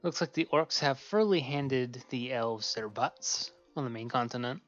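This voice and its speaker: Excited man streaming, lo-fi sound. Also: medium pitch, unhurried, soft background music. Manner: excited, chatty, narrates what he sees. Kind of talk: casual chat while gaming.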